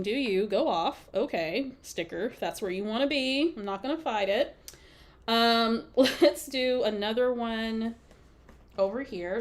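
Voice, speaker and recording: A woman's voice: on the high side, darkish tone. A woman hosting a live scrapbooking stream, chatting playfully with viewers and laughing often as she works. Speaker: scrapbooking livestream host. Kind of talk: casual crafting livestream chat.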